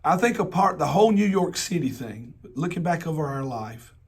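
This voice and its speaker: A man with a Southern accent, hoarse from laryngitis, preaching a personal storytelling sermon in a folksy way, with joking asides and repeated rhetorical questions. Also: a little high, lively intonation, normal speed. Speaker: pastor.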